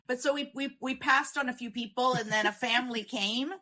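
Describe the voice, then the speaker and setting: Canadian woman, podcast guest, rambling chatty storyteller with a bright, forceful voice. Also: fairly high pitch, fairly even intonation, a little fast. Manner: rambling, with many fillers and laughs. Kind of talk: casual storytelling.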